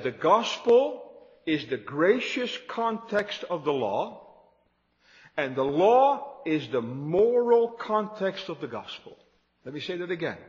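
Man, pastor, sermon, emphatic repetition, fairly high voice, long hall echo. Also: a bit bright, lo-fi sound.

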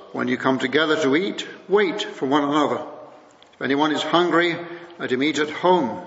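A man's voice: on the high side, vocal fry, fairly bright tone. Man preaching in an echoing hall. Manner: measured, slows to read scripture. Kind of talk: sermon. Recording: muffled recording in a big echoing hall.

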